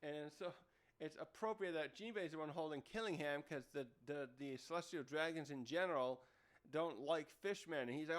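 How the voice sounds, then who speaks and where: A man's voice: a little high, moderate pace. A man casually reviewing a comic chapter, thinking aloud and often correcting himself mid-sentence. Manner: rambling, thinking aloud with frequent self-corrections. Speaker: manga reviewer.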